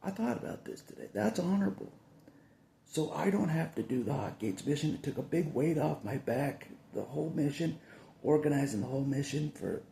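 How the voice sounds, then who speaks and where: Man, casual rambling vlog monologue, dark gravelly voice, lively pitch, chuckles between lines, echoey room. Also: slight background noise. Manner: chuckles between phrases, repeats himself.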